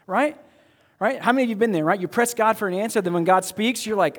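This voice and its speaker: In a church sanctuary with big-room acoustics, a pastor with a high-sitting voice talks fast as he preaches. His sermon is conversational, with repeated words and questions posed to the congregation.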